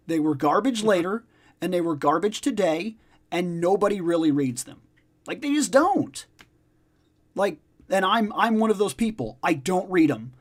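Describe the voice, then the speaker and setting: A man hosting a casual discussion chat, emphatic and profane, repeating his points for stress. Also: sits high. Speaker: podcast host.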